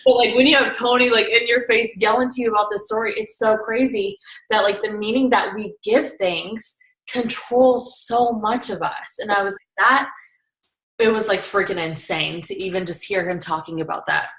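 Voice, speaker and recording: A woman's voice: mid-range voice, fairly even intonation, normal speed, fairly bright tone, a little hiss or hum. A young woman telling a story in a casual chatty way, full of filler words. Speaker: guest recapping a seminar. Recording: roomy echo.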